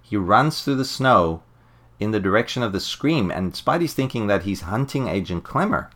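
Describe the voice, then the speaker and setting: A man's voice: fairly low pitch, animated, normal speed, fairly bright tone. A man co-hosting a podcast, eagerly retelling a comic story, laughing often and acting out lines. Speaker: podcast co-host. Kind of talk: casual podcast chat recapping a comic.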